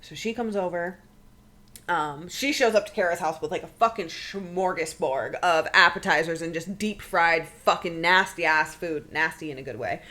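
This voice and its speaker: A young woman with a fairly low voice tells a personal story on a podcast. She talks casually, swears often and acts out what others said in quick quoted bursts. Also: pushed and bright. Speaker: podcast co-host.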